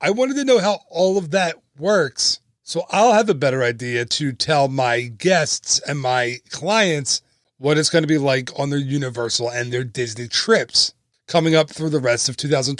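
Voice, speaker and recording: A man's voice: mid-range voice, lively intonation, normal speed, dry recording, clean studio sound. A man in his thirties hosting a casual travel podcast, upbeat and chatty with joking asides. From United States. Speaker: podcast host and travel agent.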